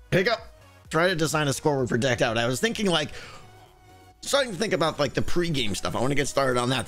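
A young man talks casually through a live game stream with a slightly high, very animated voice, his sentences broken by hiccups. He thanks viewers one by one in a chatty, good-humored way. Faint music plays behind him. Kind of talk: casual live-stream chat while gaming.

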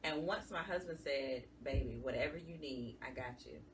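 A woman's voice: very deep voice, normal speed. A woman giving an earnest, emotional personal testimony as a guest in an interview. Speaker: guest, support group founder. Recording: somewhat distant mic with faint background noise.

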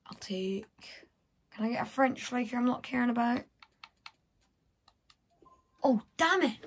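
A woman's voice: on the high side, steady tone, a little fast. A woman vlogger thinking aloud as she plays a video game, muttering to herself in casual commentary. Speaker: gameplay vlogger.

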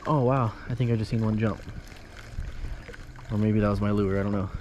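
A man's voice: on the low side, steady tone, brisk, muffled recording, noisy background. A man chatting casually to camera while out on a lake, talking affectionately to his dog between comments. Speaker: vlogger. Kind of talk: casual outdoor vlog chat. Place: small boat on a lake outdoors.

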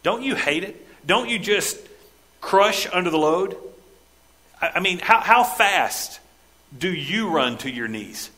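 Emphatic preaching man, bright voice. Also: high voice, animated, slow pace, rough recording. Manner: emphatic preaching, rising and dropping sharply for stress. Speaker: pastor. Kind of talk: sermon. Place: church.

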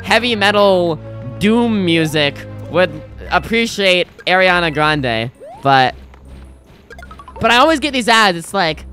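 A woman's voice: on the low side, lively intonation, slow, fairly bright tone, soft background music. A young woman streaming a video game, chatting casually and rambling with frequent restarts. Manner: rambling, self-interrupting, chatty. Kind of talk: casual gameplay commentary.

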